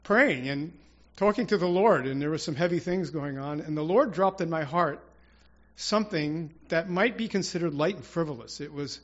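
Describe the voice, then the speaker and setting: A man's voice: fairly high pitch, normal speed, muffled recording. A man preaching an informal, rambling sermon to his congregation, with prayerful asides and restarts. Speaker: church speaker.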